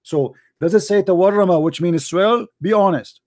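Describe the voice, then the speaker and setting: Male debate host, hoarse, high pitch, taunting and repetitive. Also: normal speed, a little mellow. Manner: mocking, combative, repeats himself. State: losing his voice. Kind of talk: heated call-in debate.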